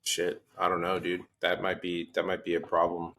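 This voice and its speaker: A man with a notably deep, low voice co-hosting a golf podcast. He chats loosely and tells a long story, often restarting his sentences. His tone is easygoing and relaxed. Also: normal speed, a little hiss or hum. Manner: rambling, lots of restarts and fillers, storytelling. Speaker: podcast co-host. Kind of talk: casual chat.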